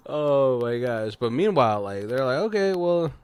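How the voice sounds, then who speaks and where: A man co-hosting a casual movie commentary chat, rambling, swearing freely and acting out characters' lines in quick voices. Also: medium pitch, clear, resonant tone, no echo. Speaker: podcast co-host.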